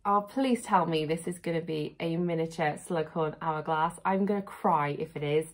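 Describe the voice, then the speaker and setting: A woman vlogger chatting casually at home while unboxing, gushing and excitable, often repeating "really, really". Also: low voice, moderate pace, few pauses.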